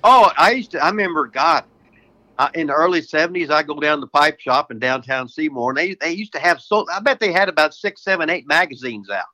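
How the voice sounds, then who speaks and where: A man's voice: fairly high pitch, expressive, fairly quick, bright, forceful tone. An older American man, a retired wrestler, telling rowdy stories as a guest, swearing constantly and laughing mid-sentence. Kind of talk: profane casual storytelling.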